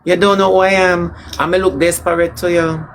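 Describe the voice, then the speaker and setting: A man with a Jamaican accent in a camp, sharp-tongued live chat, drawing out words slowly for comic effect. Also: high voice, flat delivery, a little hiss or hum. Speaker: livestream personality. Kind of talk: sassy comedic live chat.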